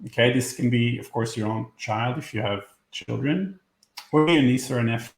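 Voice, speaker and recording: Calm man guiding a breathing exercise. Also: mid-range voice, vocal fry, roomy sound. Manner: slow, soft counting and gentle invitations. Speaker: educator leading a workshop. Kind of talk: guided breathing and visualization, then webinar talk.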